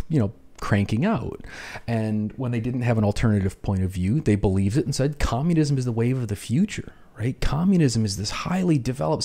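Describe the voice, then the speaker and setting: A man's voice: mid-range voice, warm tone. A man hosting an educational film commentary, explaining casually with lots of "you know" and "right?".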